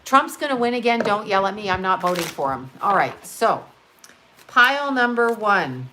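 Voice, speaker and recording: A woman's voice: medium pitch, big pitch swings, brisk, noisy background. A middle-aged woman giving a casual astrology reading, chatty and rambling, swearing and laughing often, sounding tired. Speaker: psychic astrology reader.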